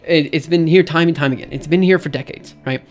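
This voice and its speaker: A man's voice: on the high side, fast talker, soft background music. A man streaming, reading a research paper aloud and ranting about it in an exasperated voice that keeps repeating and restarting itself. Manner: exasperated, repetitive, restarts often. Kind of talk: casual ranting commentary.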